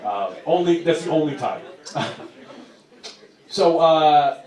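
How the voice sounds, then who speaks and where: A young man doing a stand-up comedy set, telling a story loudly and acting out the quotes. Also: on the high side, slow pace. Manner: loud, animated storytelling with acted-out quotes. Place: comedy club stage. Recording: echoey club room, recorded from a distance, crowd noise. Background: audience laughing.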